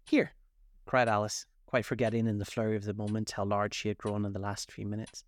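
A man narrating a children's classic aloud in a measured, expressive read-aloud style. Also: lowish voice. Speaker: storyteller. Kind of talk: scripted narration.

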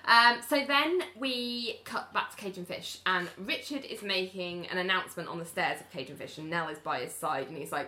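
Bright-voiced woman recapping a show. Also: lowish voice, moderate pace, few pauses, a little hiss or hum. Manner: animated recapper, voicing characters' lines and laughing. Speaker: podcast host recapping a TV episode. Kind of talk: casual chat.

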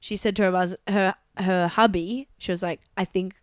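A woman co-hosting a comedy podcast, telling gossip in an animated way and acting out the people she quotes. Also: medium pitch, normal speed, smooth, no echo, studio quality. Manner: animated storyteller, acts out quoted voices. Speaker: podcast co-host. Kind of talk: casual comedic chat.

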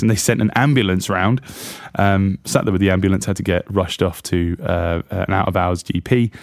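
A man's voice: lowish voice, darkish tone, no room sound, clean studio sound. An English man hosting a casual music podcast, rambling and self-deprecating with plenty of fillers and restarts. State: recovering from chest infection. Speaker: podcast host. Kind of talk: casual chat.

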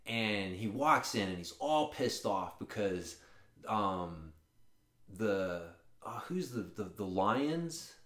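A man's voice: fairly low pitch, expressive, slow, a bit bright. Profane storytelling man in echoey room. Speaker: podcast co-host. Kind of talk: casual chat, storytelling. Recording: roomy echo.

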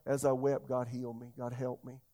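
A middle-aged man preaching a sermon as pastor, swinging between loud emphatic bursts and soft asides. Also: mid-range voice, level tone, brisk.

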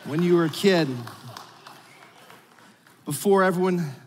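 A man's voice: high voice, fairly even intonation, measured pace, slight background noise. A man preaching a conversational, joking sermon to his congregation in a church. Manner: playful, joking, talks straight to the congregation. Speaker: pastor. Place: church sanctuary. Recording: long reverb from a large hall.

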